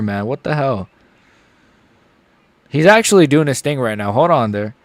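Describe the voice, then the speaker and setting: A man streaming a live fight reaction, excitable and joking, often blurting out swear words. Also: medium pitch, moderate pace, pauses often, dry recording.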